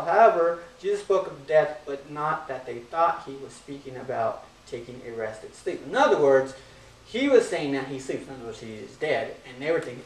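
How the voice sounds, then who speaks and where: A man preaching in a relaxed, chatty manner, slipping in jokes and asides as he works through the reading. His voice sits at an ordinary middle pitch. The sound is roomy and echoing, caught from some way off the mic with faint room noise underneath. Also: fairly quick, recorded from a distance. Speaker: pastor. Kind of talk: sermon.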